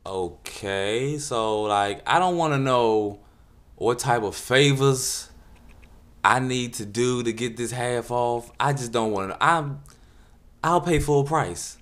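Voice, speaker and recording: A man's voice: mid-range voice, slow, fairly bright tone. A man telling a comic story in an exasperated, slangy rant. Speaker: comedic storyteller. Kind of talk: casual comedic rant.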